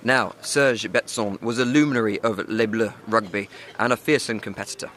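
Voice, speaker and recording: A male radio host introduces a live broadcast in a brisk, scripted way. His voice is bright and forceful, pitched a little low. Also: steady tone, slight background noise.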